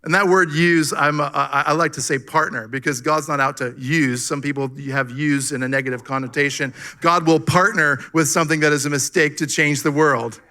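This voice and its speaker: A man preaching a sermon as pastor, animated and full of rhetorical questions to his congregation. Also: a little high, fairly quick, few pauses. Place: church sanctuary.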